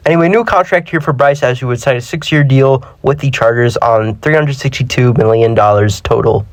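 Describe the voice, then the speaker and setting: A man's voice: mid-range voice, fairly quick, no room sound. A young man commentating a football simulation game, chatty and self-deprecating, often tripping over his words, a little under the weather. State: slightly sick. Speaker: gaming channel host. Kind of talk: casual sports-sim commentary.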